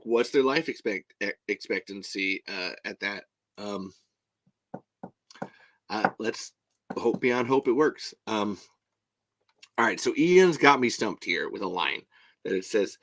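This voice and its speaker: A man chatting casually on a livestream, reading viewer comments and bursting into animated movie-line impressions. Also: mid-range voice, poor audio. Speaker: show guest and regular.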